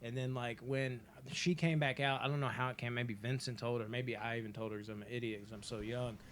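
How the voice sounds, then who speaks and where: A man's voice: mid-range voice, steady tone, fairly quick, a bit bright, slight background noise. A man in his twenties, a podcast co-host telling a long story in a casual, rambling way, full of filler words and swearing.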